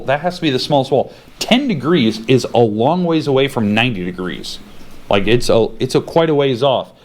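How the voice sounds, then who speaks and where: Casual man teaching a math class. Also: medium pitch. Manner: casual, laughs easily, thinks aloud.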